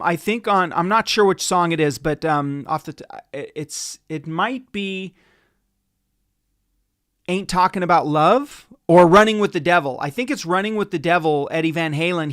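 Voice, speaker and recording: A man's voice: on the high side, fairly bright tone, clean tone, no echo, clean studio sound. A man giving a casual, rambling guitar lesson on a home livestream, chatting with viewers by name. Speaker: guitar teacher. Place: home room, dim lighting. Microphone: livestream setup. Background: guitar playing.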